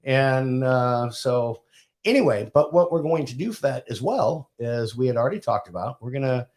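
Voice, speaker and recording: A man co-hosting a casual podcast with his wife, relaxed and joking, with frequent fillers. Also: medium pitch, moderate pace. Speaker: podcast co-host. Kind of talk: casual chat.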